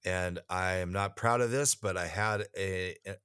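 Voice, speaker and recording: A man's voice: sits low, unhurried, pushed and bright, smooth, no room sound. A middle-aged man hosting a music podcast, chatting in a wry, joking way. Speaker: podcast host. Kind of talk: casual chat.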